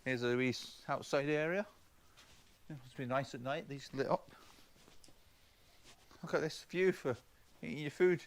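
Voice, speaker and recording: A travel vlogger walks around a roadside café that's partly outdoors, giving casual walkaround narration. His voice is on the high side and unhurried with frequent pauses, and he rambles, stumbles and repeats words.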